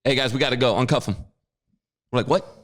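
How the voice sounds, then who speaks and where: A man co-hosting a podcast, telling a story with lively acted-out quotes. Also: medium pitch, quick pace, no echo. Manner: animated storyteller, acts out quotes. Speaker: podcast co-host. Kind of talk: casual chat.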